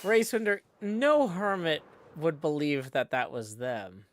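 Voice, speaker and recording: A man's voice: fairly high pitch, very animated, a little slow. A man from Nashville, chatting casually on a livestream in a rambling, self-deprecating way. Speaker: streamer.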